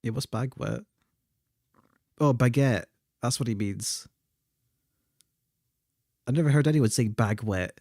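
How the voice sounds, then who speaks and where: Dark-voiced man chatting casually. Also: mid-range voice, expressive, measured pace, long pauses, dry recording, clean studio sound. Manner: chatty, stammers and repeats words, laughs often. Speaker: gaming streamer. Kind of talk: casual chat while playing.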